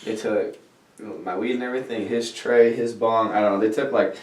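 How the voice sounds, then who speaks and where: A man's voice: fairly low pitch, normal speed. A man telling a rambling story on a podcast with lots of swearing, recorded in a roomy space away from the mic. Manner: rambling, heavy swearing, animated when retelling. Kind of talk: casual storytelling chat. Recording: roomy sound, distant from mic.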